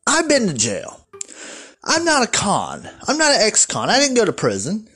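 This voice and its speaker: A man hosting a podcast, delivering an angry political rant full of swearing and shouting at his listeners. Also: high-pitched, huge pitch swings, moderate pace, husky. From United States. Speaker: podcast host.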